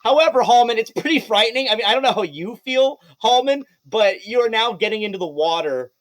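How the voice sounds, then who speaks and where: A man narrating a tabletop game as game master, his voice sitting a little high for a man. He tells the action with animated energy, swears freely and laughs between lines. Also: brisk.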